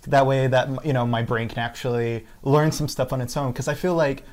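A man's voice: medium pitch, steady tone, brisk, a little mellow. Guy on a podcast, open and thoughtful, restarts his sentences a lot. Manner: candid, reflective, repeats words when starting. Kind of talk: casual chat.

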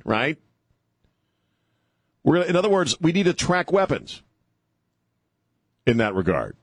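A man's voice: mid-range voice, no echo. A man hosting a talk radio show, rambling and sarcastic, stopping and restarting with lots of fillers. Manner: rambling, sarcastic, self-interrupting, many fillers. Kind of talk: opinionated talk radio monologue. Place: radio studio. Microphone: studio microphone.

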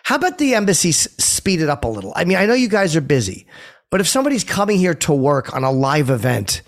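Man, podcast host, congested nose, head cold, halting, lots of fillers, slightly high voice. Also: sing-song. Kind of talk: casual podcast chat.

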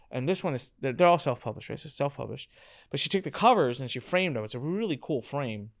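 Male host, casual chat, clear smooth tone, lively anecdotes. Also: a little high. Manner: animated storyteller, acts out family dialogue. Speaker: podcast host. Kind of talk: casual conversational interview.

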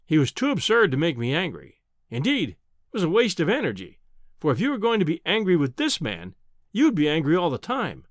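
A man narrating a novel aloud in an expressive, theatrical reading. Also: fairly high pitch, brisk, dry recording, clean studio sound. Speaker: audiobook narrator. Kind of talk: scripted narration.

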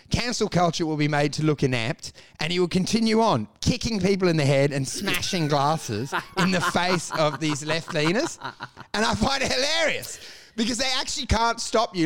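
Aussie bloke on a podcast, fairly high voice, swears constantly, mocking rant, laughs a lot. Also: male voice. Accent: Australian. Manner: ranting, profane, mocking, laughs often. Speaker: podcast co-host. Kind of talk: crude comedic podcast chat.

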